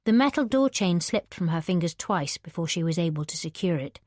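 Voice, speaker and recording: A woman's voice: lowish voice, expressive, brisk, a little mellow, no room sound, studio quality. Woman narrating a tense audiobook. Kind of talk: scripted narration.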